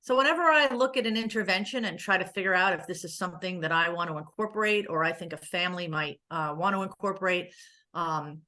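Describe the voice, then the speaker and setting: A woman therapist speaking at a conference, her voice sitting a little low yet coming across bright and forceful. She talks in a loose, conversational way, dropping in jokes and plenty of "um" fillers as she goes. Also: fast. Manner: conversational with joking asides and frequent fillers. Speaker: pediatric therapist giving a conference talk. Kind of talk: conference presentation.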